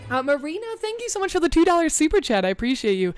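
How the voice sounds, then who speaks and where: A woman's voice: sits high, big pitch swings, rapid-fire, faint music behind. A young woman streamer, bubbly and chatty with lots of "like" fillers, talking casually to her live chat from a room at home. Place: home room with a bright window.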